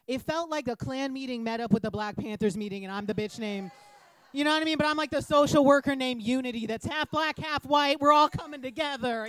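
A woman's voice: high-pitched, rough recording. Brash, foul-mouthed young woman comic. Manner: brash, profane, rambling and conversational. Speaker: stand-up comedian. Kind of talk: stand-up comedy set. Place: comedy room with a live audience.

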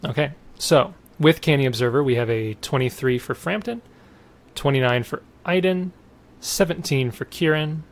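A man narrating as game master in a casual, halting way, full of fillers and restarts. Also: mid-range voice.

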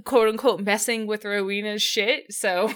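A woman's voice: mid-range voice, steady tone, normal speed, a bit bright, clean tone. A woman co-hosting a casual podcast who laughs often, gushes and stumbles over her words. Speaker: podcast co-host. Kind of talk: casual chat, episode recap.

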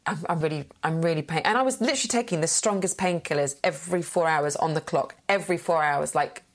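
A woman's voice: low-pitched, fast. A woman in her thirties, frankly and animatedly telling personal stories in a casual chat, acting out what others said. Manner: frank, animated, acts out quoted voices. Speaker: guest. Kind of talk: candid conversational storytelling.

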